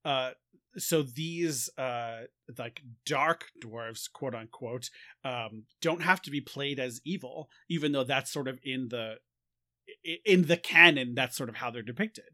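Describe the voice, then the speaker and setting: A man from New York co-hosting a casual tabletop gaming podcast, animated and jokey. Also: mid-range voice, measured pace, no echo, clean studio sound. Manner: animated, jokey, breaks into goofy voices. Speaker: podcast co-host. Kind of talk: casual chat.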